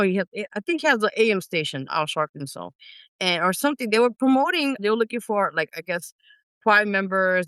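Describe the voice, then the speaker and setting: A middle-aged woman, an independent singer telling stories in an animated way as an interview guest, acting out her own past reactions. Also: mid-range voice, smooth, dry recording. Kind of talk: casual interview storytelling.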